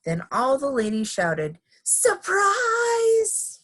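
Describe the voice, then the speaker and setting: A woman reading a children's picture book aloud in an expressive, lively manner. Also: fairly low pitch, measured pace. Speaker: storybook reader.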